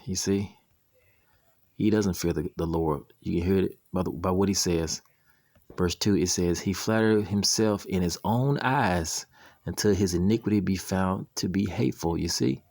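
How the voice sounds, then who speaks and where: Preacher type, deep creaky voice, dry close sound, slow measured scripture reading. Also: male voice, a little mellow, no room sound. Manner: slow deliberate reading, keeps asking "you see?". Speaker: preacher commenting on a video.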